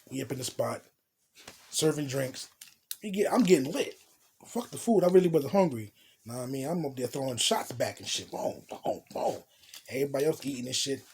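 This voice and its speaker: A man's voice: medium pitch, darkish tone, slight background noise. A young man telling a loose, profane story in casual street slang, as a vlogger.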